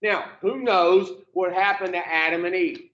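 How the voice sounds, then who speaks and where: A man's voice: sits high, steady tone, a little slow, a bit bright. A man leading an addiction recovery group, telling a folksy story with mild swearing and calling on listeners. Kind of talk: casual teaching to a recovery group. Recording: echoey room, dull lo-fi sound.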